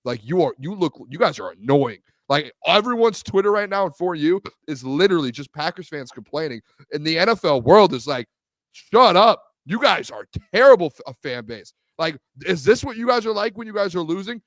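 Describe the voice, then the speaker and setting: A man co-hosting a sports talk show, ranting in an animated way and repeating himself. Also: fairly high pitch, a little fast, few pauses, no echo. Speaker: co-host.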